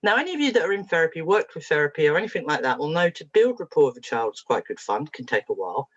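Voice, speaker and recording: A woman therapist telling a story to an audience in a lively, humorous, self-mocking way. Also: sits low, fast talker, slightly rough. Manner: lively and humorous, with frequent laughs and self-mockery. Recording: dull lo-fi recording.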